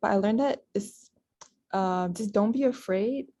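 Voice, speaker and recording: Student podcast host, young woman, mellow warm tone, casual with many fillers. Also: mid-range voice, a little slow.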